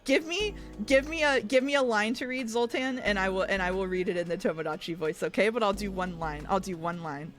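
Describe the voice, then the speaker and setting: A woman's voice: mid-range voice, fairly quick, hardly any pauses, faint music behind. A woman hosting a stream, chatting casually and playfully reading viewer messages aloud. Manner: giggly, reads chat aloud, playful. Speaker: streamer host.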